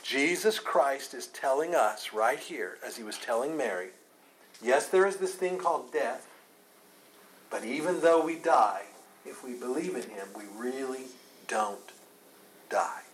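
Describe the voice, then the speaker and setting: Man, pastor, mid-pitched, earnest Bible study teacher fond of rhetorical questions, faint room noise. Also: animated, a little slow, low-quality recording. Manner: earnest, asks rhetorical questions, repeats phrases.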